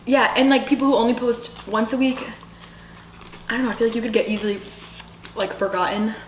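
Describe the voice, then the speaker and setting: A woman's voice: on the high side, steady tone, a little fast, a little hiss or hum. A young adult woman co-hosting a casual eating show, eagerly asking follow-up questions. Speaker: co-host. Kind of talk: casual chat. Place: indoors. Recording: echoey room.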